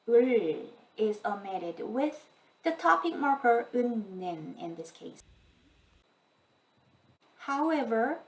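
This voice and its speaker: A woman giving a scripted grammar lesson, explaining each point slowly and carefully. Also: on the high side, a little mellow, far from the mic, low-quality recording. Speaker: language teacher.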